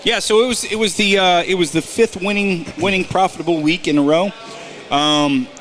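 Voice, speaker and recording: A man's voice: sits high, steady tone, moderate pace, fairly bright tone. A man co-hosting a golf podcast in casual chat, giving betting picks and teasing his partner with stop-start banter.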